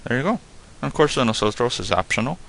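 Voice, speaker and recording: A man teaching a casual spoken lesson, explaining in a relaxed, rambling way full of "like" and "you know.". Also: mid-range voice, fast, vocal fry. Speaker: Spanish tutor.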